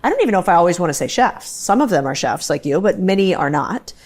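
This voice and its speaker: A woman's voice: lowish voice, sing-song, fast talker, darkish tone. Woman interviewer asking thoughtful questions. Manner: thoughtful, asks long framed questions. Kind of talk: casual interview chat.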